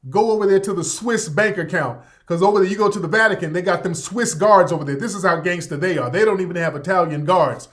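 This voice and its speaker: A man hosting a radio show in a casual monologue that is animated, joking and full of profanity and street slang. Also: high-pitched, fast talker, hardly any pauses.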